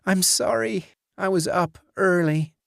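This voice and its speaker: A polite, ambitious young woman, voiced by a male audiobook narrator, in a storybook reading. Her voice sits high and sleepy, with soft, fading replies and a gravelly edge underneath. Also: unhurried, no room sound, studio quality. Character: tired, polite career-driven young woman.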